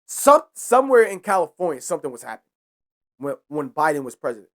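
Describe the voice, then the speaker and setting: A man's voice: fairly high pitch, big pitch swings, fast. A young man hosting a podcast, ranting in a heated, profane way and repeating himself for emphasis. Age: young adult. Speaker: podcast host. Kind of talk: casual ranting monologue.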